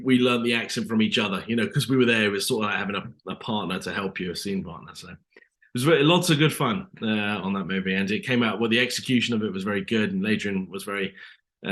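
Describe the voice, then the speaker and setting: English actor, low voice, rambling. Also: male voice, fairly bright tone. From England. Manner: rambling, lots of fillers and hedges. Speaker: actor guest. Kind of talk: casual interview.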